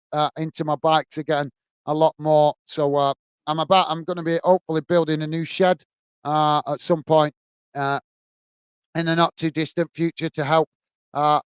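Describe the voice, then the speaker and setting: On a football fan livestream, the male host reads out comments from viewers, friendly and talkative, with frequent "uh" and "mate." His voice is on the high side, with a clean tone and no room sound.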